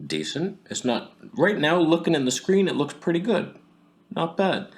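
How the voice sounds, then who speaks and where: A man's voice: fairly high pitch, big pitch swings, normal speed. A man giving a sarcastic, comedic camera review, swinging between whispers and outbursts.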